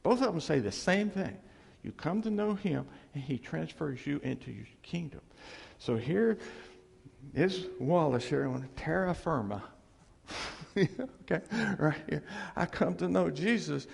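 A man's voice: a little high, lively intonation, a little slow, vocal fry, darkish tone, slightly rough. A man preaching a conversational sermon in a church hall, repeating phrases for emphasis and checking in with the audience with "okay?" and "see?". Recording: long hall reverb.

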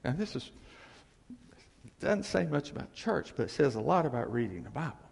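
A man preaching in a loose, conversational way, with a heavily gravelly, husky voice pitched a little high. He repeats key phrases and keeps asking "okay?" and "see?", and his voice rings out in a long hall echo. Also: very animated, moderate pace. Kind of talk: conversational sermon.

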